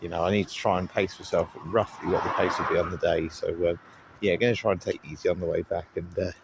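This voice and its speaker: Young guy talking into his phone outdoors, low voice, bit gravelly, chatty and self-deprecating. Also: fairly even intonation, quick pace, noisy background. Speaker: vlogger. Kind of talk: casual vlog talk to phone while running. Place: outdoors by the sea. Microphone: handheld phone.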